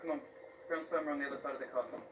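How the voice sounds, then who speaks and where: A woman's voice: low voice, steady tone, rapid-fire, background noise, natural voice. An actress playing a practical, matter-of-fact woman tracking wild horses in a TV series. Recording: distant show audio.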